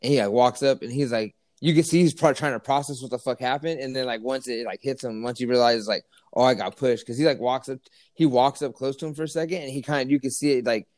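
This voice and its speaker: A man in casual chat, telling a story in an animated, profane way with lots of fillers. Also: medium pitch, quick pace, no room sound.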